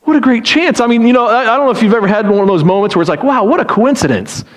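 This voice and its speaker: A man, a pastor, preaching a sermon as animated storytelling, acting out pleading voices and often repeating and restarting phrases. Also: very high voice, rapid-fire.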